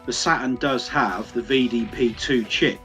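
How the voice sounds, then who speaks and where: A man's voice: medium pitch, unhurried, a bit bright, faint music behind. A man in casual chat, explaining retro console details hesitantly with frequent fillers. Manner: knowledgeable, hesitant with fillers, laughs often.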